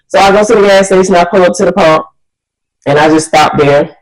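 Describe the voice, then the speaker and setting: A woman vlogger telling a story in an animated, exasperated way. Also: deep voice, brisk, rough recording. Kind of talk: storytime vlog.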